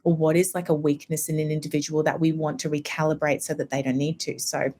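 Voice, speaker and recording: A low-pitched woman in her thirties chats on a podcast as a homeopath guest. She explains at length in a relaxed, conversational way, slipping into brief impressions of other people. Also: fast, slight background noise. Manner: chatty, explanatory, acts out quoted people. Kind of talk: casual podcast interview.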